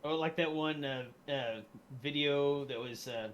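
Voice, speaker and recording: Animated man with faint background hiss. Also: on the high side, measured pace. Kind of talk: casual chat.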